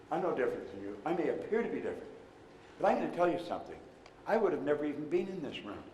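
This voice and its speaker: A man's voice: on the high side, darkish tone, a little hiss or hum. An older man giving an emphatic motivational seminar talk to a live audience, telling stories with retold dialogue. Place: large room before a live audience. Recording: long hall reverb.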